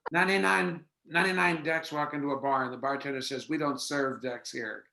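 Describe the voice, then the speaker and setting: A man improv performer telling quick bar jokes, dropping low and deadpan for the punchlines. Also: vocal fry, reverberant, background noise.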